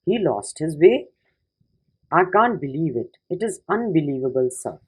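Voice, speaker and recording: A woman's voice: low voice, big pitch swings, a little slow, darkish tone, slightly rough, exaggerated voice, rough recording. A woman reading the lines of a cheeky schoolboy who is trying to provoke his teacher, barely acting them. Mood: defiant. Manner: plainly read-out lines, barely acted.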